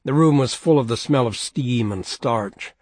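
A man narrating an audiobook in measured, even storytelling. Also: mid-range voice, husky, no room sound. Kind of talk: scripted narration.

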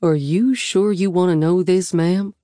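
A woman's voice: fairly low pitch, unhurried, warm tone, no room sound, studio quality, lightly acted. A woman voicing a kindly male police officer who speaks hesitantly and carefully.

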